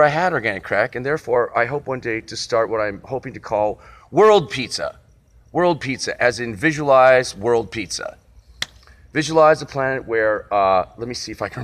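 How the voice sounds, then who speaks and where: Male vlogger, animated and profane, with digressive comic storytelling outdoors. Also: mid-range voice. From Encino, California. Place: outdoors on a city street.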